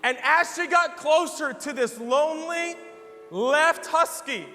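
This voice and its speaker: Pastor, male, high bright voice, animated sermon storyteller, church hall echo. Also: slow, soft background music. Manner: animated, laughing storyteller with falsetto imitations. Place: church sanctuary.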